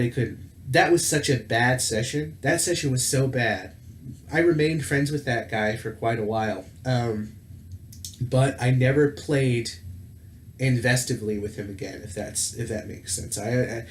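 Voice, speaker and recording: A man tells a story in loose, casual talk that keeps circling back with fillers and restarts. His voice sits at an ordinary middle pitch. The room adds a noticeable echo, and faint noise hums underneath. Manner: rambling, with many fillers and self-corrections. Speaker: tabletop gaming channel host.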